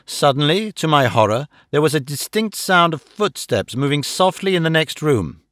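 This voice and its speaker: A man narrating a classic detective story as an audiobook, reading in a measured, dramatic first-person way into a close microphone. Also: a little high, very animated, a bit bright, dry recording. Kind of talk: scripted narration.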